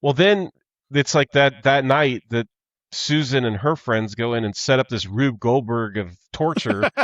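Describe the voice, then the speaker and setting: Mid-pitched man retelling plot, dull lo-fi mic. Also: measured pace, no echo. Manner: retells plot scenes, asks incredulous questions. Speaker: podcast co-host. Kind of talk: casual comedic movie recap chat. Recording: slightly dull, lo-fi mic sound.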